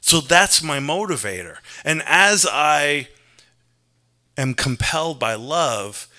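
A man's voice: fairly high pitch, animated, slow pace, sharp tone. A man from New preaching an earnest, conversational sermon, mixing scripture with personal confession. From New York. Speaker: pastor.

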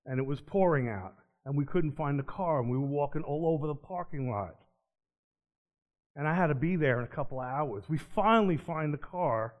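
Man sharing his faith story, earnest, animated then hushed, muffled lo-fi recording. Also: fairly high pitch, normal speed. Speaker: ministry speaker. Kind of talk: personal testimony. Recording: dull lo-fi recording.

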